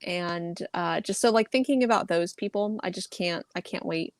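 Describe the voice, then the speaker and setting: A woman's voice: on the low side, moderate pace, no room sound. A young adult woman, a guest YouTuber, chatting earnestly and thinking aloud with frequent ums. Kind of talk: casual chat.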